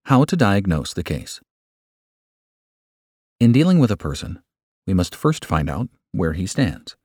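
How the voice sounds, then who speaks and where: Deep-voiced man reading a religious book. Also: big pitch swings, a little slow, a little mellow, no echo, studio quality. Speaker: audiobook narrator. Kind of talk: scripted narration of a religious book.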